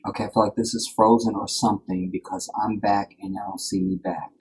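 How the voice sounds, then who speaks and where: A man's voice: lowish voice, little pitch movement, brisk, gravelly, a little mellow, slightly rough, poor audio. A man hosting a live stream, telling a personal story to his viewers in a rambling, heartfelt way, full of fillers. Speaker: live-streaming channel host.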